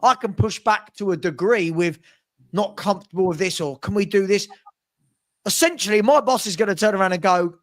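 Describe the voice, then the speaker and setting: High-voiced animated man, football chat. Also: fairly quick. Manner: animated, mocking, acts out scenes. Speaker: football podcast co-host. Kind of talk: casual fan chat.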